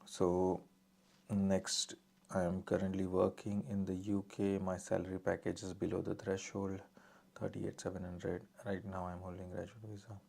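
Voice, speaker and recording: A man's voice: low-pitched, monotone, moderate pace, gravelly, darkish tone. A man answering viewer questions on a live stream as an immigration adviser, reading each one out and then answering plainly and directly.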